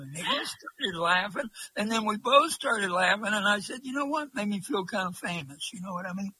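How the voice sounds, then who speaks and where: Man, high bright voice, slightly husky, folksy rambling storyteller. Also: animated, normal speed, hardly any pauses, rough recording. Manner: rambling, folksy, many fillers. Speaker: interview guest, long-distance walker. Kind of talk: casual storytelling.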